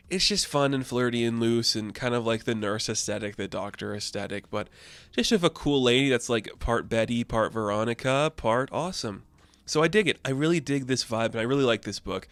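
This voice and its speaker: Brief: enthusiastic male comic reviewer, loose chatty delivery, mid pitch, dry close sound. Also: a bit bright, clear, resonant tone, dry recording. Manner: chatty, filler-heavy, enthusiastic. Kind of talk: casual video comic review.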